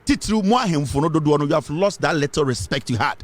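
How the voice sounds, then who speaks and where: Brief: Ghanaian male commentator, fiery and emphatic, raised pitch, very animated delivery. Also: fast, no echo. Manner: fiery, emphatic, repeats points, mixes English with Twi. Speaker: political commentator. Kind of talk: impassioned political commentary.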